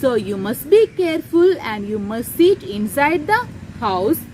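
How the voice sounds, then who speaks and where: A caring mother goat, voiced by a woman warns her little ones in a gentle, instructive way. The voice is high and full of movement. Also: sing-song, normal speed, a little hiss or hum, poor audio. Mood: warning.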